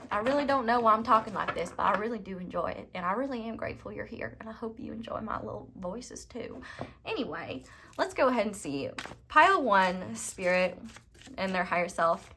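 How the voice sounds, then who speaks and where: A young woman chats her way through a tarot reading, rambling and dropping fillers as she goes. Her voice sits at a middle pitch, relaxed and conversational. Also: brisk, gravelly, slight background noise. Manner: chatty, rambling, lots of fillers. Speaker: tarot reader. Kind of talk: casual tarot reading to camera.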